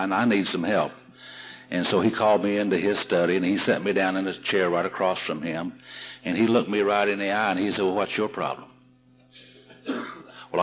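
In an old archival recording with rough sound, a man with a low-pitched voice stands at a podium and tells self-mocking stories to a recovery seminar audience. His manner is folksy, and he pokes fun at himself as he goes.

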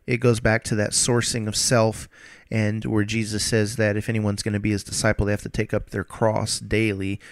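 A man preaching a sermon in an earnest way. He slows down and stretches key phrases for emphasis, and acts out quoted prayers with rising intensity. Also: medium pitch, dry recording, studio quality.

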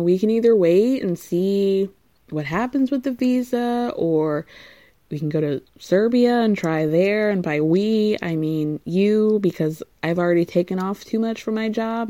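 A woman hosts a podcast in a loose, chatty recap style. She laughs often and breaks in with blunt asides. Her voice is mellow and sounds close and dry. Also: medium pitch, dry recording. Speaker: podcast host. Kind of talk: casual recap chat.

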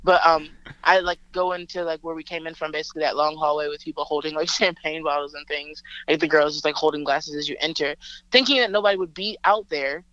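A woman from Alabama, a rapper and guest, telling a story over a phone call in a lively, chatty way, laughing often and using lots of filler words. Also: deep voice, quick pace, no echo.

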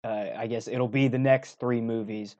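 A man's voice: mid-range voice, fairly even intonation, normal speed, darkish tone, no echo, lo-fi sound. A man co-hosting a casual podcast, speaking hesitantly with fillers. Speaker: podcast co-host. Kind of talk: casual chat.

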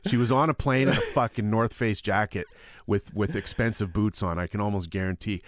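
A man holds forth on a podcast panel, heated and emphatic, and he swears freely as he makes his point. His voice sits on the low side. The sound is dry and close, with no room around it. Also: steady tone, fairly quick, dry recording. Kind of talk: heated opinion talk.

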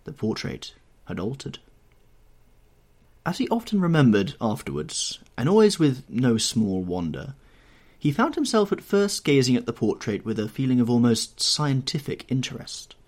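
A man with a mid-range voice narrates a classic novel as an audiobook, reading scripted text in an expressive, measured storytelling style.

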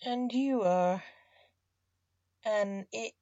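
A woman's voice: mid-range voice, very slow, mellow, no room sound, lo-fi sound. A woman voicing a sulky, defiant young male vampire.

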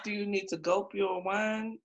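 A woman's voice: medium pitch, steady tone, dull audio. A woman co-hosting a casual podcast chat, outspoken and emphatic, teasing her co-host. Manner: outspoken, emphatic, quick to tease.

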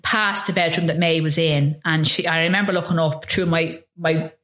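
A woman from Ireland, an interview guest, recounting a personal ordeal in an earnest, halting way, often restarting and acting out what people said. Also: low voice, steady tone, fairly bright tone, roomy sound. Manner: earnest and halting, with frequent restarts and re-enacted dialogue.

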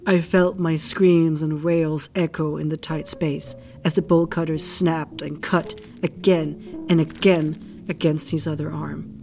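Woman, lowish voice, hushed grieving first-person horror narration over faint music. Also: little pitch movement, measured pace. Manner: hushed, grief-stricken retelling. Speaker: narrator recounting a case file.

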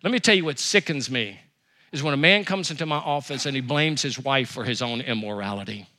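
A man preaching a sermon as pastor, with emphatic repetition and quick rises and drops. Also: medium pitch, sharp tone.

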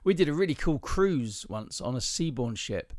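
A man's voice: medium pitch, animated, moderate pace, dry recording, clean studio sound. A man from southern England co-hosting a podcast, chatty and teasing, rambling through stories. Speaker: podcast co-host. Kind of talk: casual chat.

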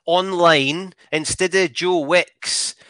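Bright-voiced podcast host. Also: male voice, high voice, steady tone, slow pace, dry recording. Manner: upbeat, reads out listener messages. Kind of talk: casual podcast chat.

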